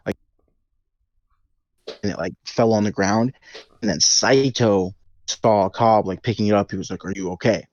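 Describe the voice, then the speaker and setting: A man with a lowish voice walks through a film's plot on a casual podcast, padding it with fillers and quick acted-out lines. The sound is dry and a bit dull, like a lo-fi recording. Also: fairly even intonation, a little mellow, no room sound. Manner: rambling recap with many fillers and acted-out quotes. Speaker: podcast co-host leading the movie breakdown.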